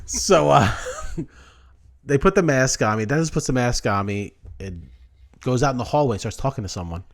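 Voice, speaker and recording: A man's voice: mid-range voice, animated, a little slow, gravelly, pauses often. A man hosting a podcast, telling a rambling, profane story in casual chat with frequent laughs. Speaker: podcast host.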